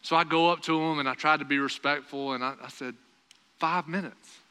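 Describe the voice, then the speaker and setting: A young man preaching a sermon, telling a story with animated storytelling and raised voices for the dialogue. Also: a little high, quick pace, smooth. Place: church sanctuary. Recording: long hall reverb.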